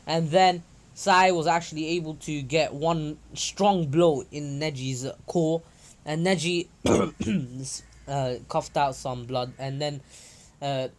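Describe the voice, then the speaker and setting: A man's voice: fairly high pitch, steady tone, a little slow. A young man casually retelling a fan story, rambling with many fillers and restarts. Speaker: channel host.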